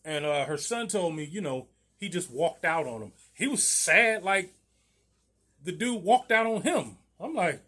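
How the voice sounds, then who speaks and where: A man's voice: sits high, lively intonation, a little slow, bright, forceful tone. A man, a landlord, telling a story about a tenant in a loose, slangy way, often laughing. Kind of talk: casual storytime vlog.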